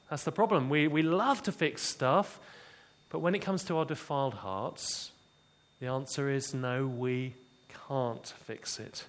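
A man preaching a sermon, expressive and dramatic, dropping low and quiet for emphasis. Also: unhurried.

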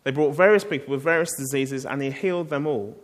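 A man's voice: medium pitch, fairly quick. A man preaching a sermon, telling the story in a conversational way and asking the listeners rhetorical questions.

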